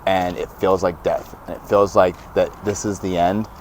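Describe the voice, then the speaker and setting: Young male guest, lower voice, lively anecdotes with acted-out quotes. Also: moderate pace, a little hiss or hum. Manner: animated, laughs often, acts out quoted dialogue. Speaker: podcast guest. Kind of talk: casual storytelling.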